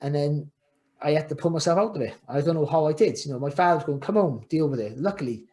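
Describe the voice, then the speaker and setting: Middle-aged man, podcast guest, rambling and reflective, voice a touch high. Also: fast talker, darkish tone. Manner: rambling, repeats words and restarts often, reflective. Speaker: guest, former world champion boxer. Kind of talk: candid podcast interview.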